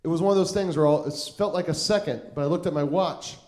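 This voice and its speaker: Young guy doing stand-up, rambly, lots of likes and uhs, kinda high voice, echoey club. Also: fast talker, a little mellow. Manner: rambling, filler-heavy, acts out quotes. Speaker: stand-up comedian. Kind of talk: stand-up storytelling. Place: comedy club stage.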